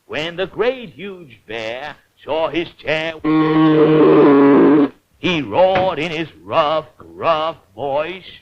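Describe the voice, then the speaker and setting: A man's voice: a little high, very animated, very slow, a crowd in the background. A man narrating a fairy tale in an old cartoon, in a lilting storyteller manner. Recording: dull old cartoon soundtrack with faint hiss.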